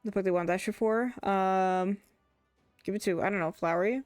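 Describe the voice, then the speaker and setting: A woman's voice: medium pitch, normal speed, darkish tone, smooth, dry recording, studio quality, faint music behind. A woman streaming a game, chatting casually, rambling and laughing often. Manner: rambling, laughs often, trails off mid-thought. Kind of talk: casual live-stream chat.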